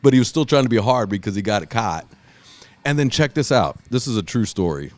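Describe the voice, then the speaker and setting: A man's voice: fairly quick, no room sound. Profane storytelling man, dry sound. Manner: profane, animated, acts out quotes in a loud high voice. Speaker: podcast host. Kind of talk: casual chat, storytelling.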